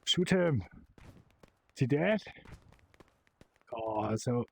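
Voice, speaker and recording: A young man giving live commentary while playing a game, excitable and swearing as he yells at the bots. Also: mid-range voice, very slow, vocal fry, slightly rough, rough recording. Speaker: VR gameplay creator.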